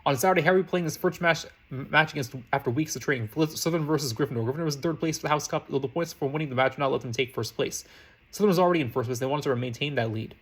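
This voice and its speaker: A man reading fan fiction aloud as a narrator, rushing along with frequent slips and restarts. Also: a little high, husky. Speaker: reader.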